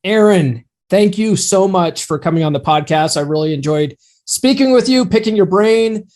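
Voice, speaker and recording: Man, podcast host, easygoing, high-pitched, casual chat. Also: animated, moderate pace, a little mellow.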